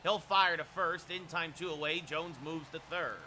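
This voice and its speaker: A man streaming a baseball video game, calling the plays like a broadcaster and chatting with viewers between pitches. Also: fairly even intonation, moderate pace, a little hiss or hum. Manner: erupts into shouted home-run calls. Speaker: streamer doing play-by-play. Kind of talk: live-stream game commentary.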